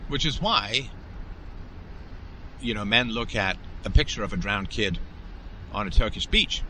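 Man, solo podcast host, emphatic commentary, low voice, bright forceful tone. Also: animated, unhurried, a little hiss or hum, poor audio. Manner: emphatic, with frequent rhetorical "right?" tags.

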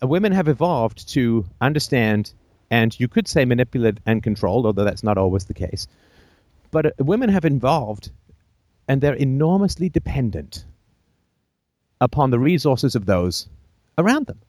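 Animated, blunt male call-in host. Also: mid-range voice, moderate pace, dry recording, clean studio sound. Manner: emphatic, blunt and profane, with jokey asides. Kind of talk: call-in advice talk.

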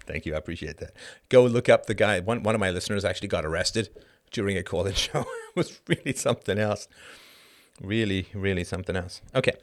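A man's voice: low voice, fast. Emphatic, sarcastic middle-aged man commentating. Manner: sarcastic, emphatic, voice rises sharply when indignant. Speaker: podcast host. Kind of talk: live-stream commentary reading an article.

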